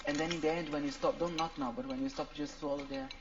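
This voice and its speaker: A man's voice: on the high side, very animated, creaky. A man chatting casually as a reality show housemate, often repeating words as he talks people through things. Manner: halting, repeats words while instructing. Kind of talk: casual chat. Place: house, indoors. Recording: muffled, heavy background noise.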